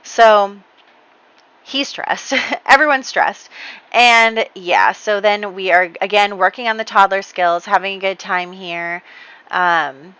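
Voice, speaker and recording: A woman's voice: mid-range voice, slow pace, pushed and bright, clean tone, no room sound, low-quality recording. A woman hosting a game channel, telling the story of her play session in a casual, chatty way with many fillers and light laughs.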